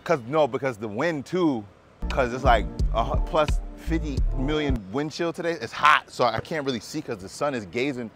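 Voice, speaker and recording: A young man hosting a casual car vlog, talking in an excitable, slangy way, outdoors by the cars and then inside one. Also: mid-range voice, moderate pace, music in the background. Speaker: car vlogger.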